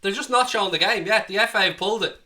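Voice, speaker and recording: A man's voice: sits high, fast talker, pushed and bright. A man in his late thirties from Dublin with an Irish accent, hosting a live football watchalong and chatting bluntly to his viewers, swearing freely and sounding a bit under the weather with a cold. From Ireland. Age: 30s. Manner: blunt and sweary, talks straight to chat. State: has a cold. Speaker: livestream host.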